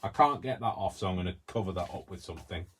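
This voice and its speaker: A man's voice: deep voice, quick pace, a bit bright, slightly rough. A man hosting a crafting video, chatting in a rambling, self-deprecating way as he works. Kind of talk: casual chat while crafting.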